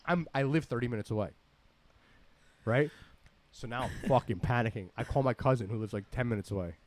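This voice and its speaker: Fast-talking man spinning a profane story. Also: medium pitch. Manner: rambling, animated, swears a lot. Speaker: podcast host telling a story.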